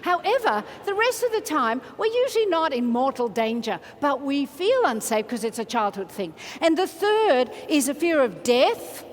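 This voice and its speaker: A woman giving an energetic motivational keynote in a large conference hall, coaxing the audience to join in. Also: sits high, moderate pace, few pauses, slight background noise. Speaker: motivational speaker. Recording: reverberant hall, faint ambience.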